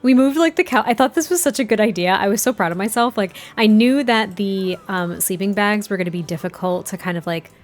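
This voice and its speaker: A chatty woman hosts a let's play, giggling and venting at her game as she goes. Her voice sits in a middling range. Quiet game music runs under her talk. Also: medium pitch, brisk, few pauses. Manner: chatty, giggly, easily exasperated.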